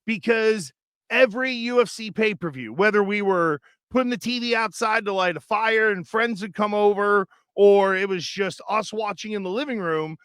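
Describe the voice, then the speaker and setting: A man's voice: high voice, moderate pace, a bit bright, smooth, no room sound, studio quality. A middle-aged man hosting a sports podcast, rambling and chatty with many fillers and restarts. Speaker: sports radio host. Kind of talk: casual podcast chat.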